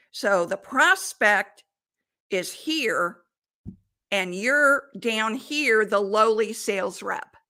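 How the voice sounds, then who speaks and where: A woman sales coach giving advice in an emphatic, deliberate way. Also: fairly high pitch, bright, forceful tone. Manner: emphatic, deliberate delivery with quoted examples. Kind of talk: coaching monologue.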